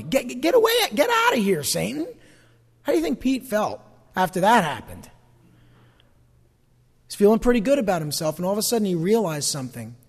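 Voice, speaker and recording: Male pastor, high lively voice, church hall reverb, folksy preaching. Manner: animated preaching, folksy asides. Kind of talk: sermon.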